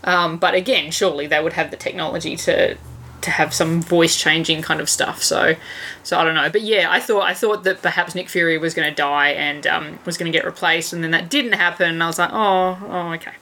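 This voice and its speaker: Chatty woman with a lowish voice. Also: fairly even intonation, a little fast, pushed and bright, a little hiss or hum. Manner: chatty, candid, hesitant fillers. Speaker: podcast co-host. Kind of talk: casual film chat.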